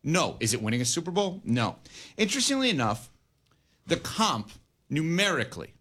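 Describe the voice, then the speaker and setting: A man with a fairly high speaking voice hosts a sports talk radio show from a studio. He argues his points with emphasis, firing off rhetorical questions and weighing both sides. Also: big pitch swings, normal speed, fairly bright tone.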